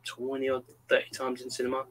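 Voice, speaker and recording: A man's voice: medium pitch, quick pace, background noise. A man in his thirties, chatting casually and acting out quotes as he tells stories. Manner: animated storyteller, acts out quotes. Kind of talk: casual chat.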